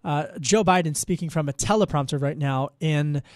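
A male news anchor with a high voice sets the scene and chats with his panel, loose and self-deprecating, often restarting his sentences. The sound is close and dry, with no room around it. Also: normal speed, no echo. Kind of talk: live news commentary.

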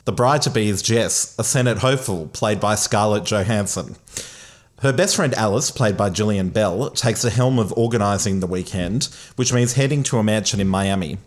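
A man from Australia, hosting a casual film review chat with relaxed, hesitant restarts. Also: lowish voice, moderate pace.

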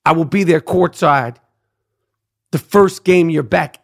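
Slow and gravelly, on the high side and full of pauses, this middle-aged man's voice carries a profane monologue on the podcast he hosts. He's loud and brash, talking trash and saying "Duke" again and again.

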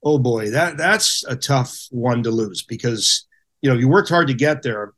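A middle-aged man with a mid-range voice and a measured pace tells casual stories as a podcast guest. He's a former hockey goaltender and an animated storyteller who acts out the people he quotes.

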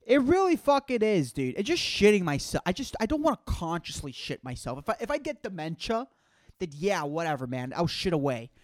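A man's voice: sits high, big pitch swings, a little fast, no room sound. Rambling, profane man in his twenties. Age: 20s. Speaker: podcast host. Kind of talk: casual solo podcast rant.

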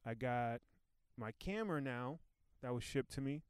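Comedian guy rambling at home on a podcast mic, smooth voice, dry close sound. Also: medium pitch, normal speed, dry recording. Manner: rambling, joking, animated. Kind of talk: casual chat. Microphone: new podcast microphones.

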